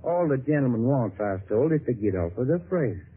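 An actor with a medium-pitched, breathy-edged voice talks fast, his pitch swinging widely, as Dixie. Dixie is a smooth-talking, folksy Southern middleman who wheedles his way along in a 1950s radio drama, preserved as a tinny lo-fi old broadcast.

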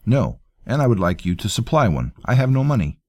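A man's voice: fairly low pitch, big pitch swings, brisk, a little mellow, no room sound, clean studio sound. A man voicing a bold, stubborn young male commoner tracker who talks bluntly and plainly.

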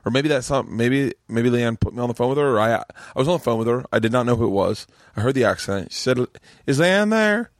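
A man's voice: medium pitch, fairly even intonation, quick pace, few pauses, no room sound, clean studio sound. A man hosting a podcast, chatting casually and telling a profane story, acting out the people in it. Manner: profane, storytelling with quoted voices. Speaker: podcast host. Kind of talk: casual chat.

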